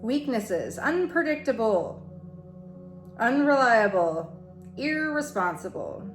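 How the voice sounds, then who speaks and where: A woman reading tarot in an unhurried, drawn-out way, her voice sitting a little high. She talks frankly and swears freely as she thinks aloud. The room is echoey, with soft music playing underneath. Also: big pitch swings. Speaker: tarot reader. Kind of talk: casual intuitive tarot reading. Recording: roomy echo with soft music behind.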